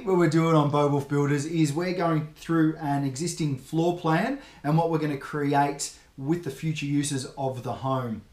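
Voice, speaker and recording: A man's voice: fairly high pitch, steady tone, a little slow, hardly any pauses, a little mellow. A middle-aged Australian man, a builder and show host, gives a laid-back, jokey walkthrough full of fillers. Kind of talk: casual explainer walkthrough.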